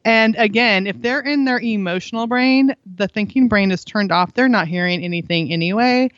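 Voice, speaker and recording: A woman's voice: medium pitch, moderate pace, no echo, dull audio. A middle-aged woman, a guest on a parenting interview, telling earnest stories and acting out the lines people said to her. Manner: earnest storytelling, acts out quoted lines, laughs often. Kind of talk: conversational interview.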